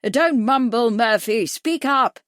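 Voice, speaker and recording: A loud, sharp old doctor who is hard of hearing, barking his words and scolding, put on by a woman narrating an audiobook. The voice is pitched up and pushed hard, with a dry, close sound. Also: unhurried, no echo, close to an everyday voice. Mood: shouting. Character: deaf, gruff elderly male racing doctor.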